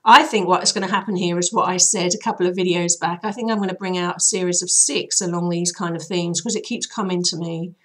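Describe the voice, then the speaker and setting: A woman with a lowish, hoarse voice talks her listeners through a healing method. She speaks in a loose, rambling, friendly way, full of fillers and restarts. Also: steady tone, a little fast, few pauses, fairly bright tone. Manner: chatty, rambling, loose guiding talk with fillers. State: voice hoarse and troubled. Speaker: healer and channel host. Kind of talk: casual spoken guidance.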